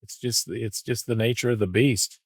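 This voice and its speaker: A middle-aged man in a mid-pitched voice rambles through memories of his writing days. He often slips into acted-out lines to make a point. The sound is close and dry. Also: steady tone, normal speed, husky, no room sound. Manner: loose, rambling, acts out remembered lines. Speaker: former wrestling writer, co-host. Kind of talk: casual podcast chat.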